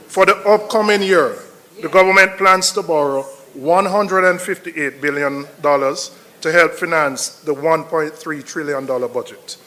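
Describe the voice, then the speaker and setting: A man's voice: a little high, pushed and bright. A man giving a parliamentary budget speech as the opposition's finance spokesman. He talks in a combative, emphatic way and repeats his rebuttals.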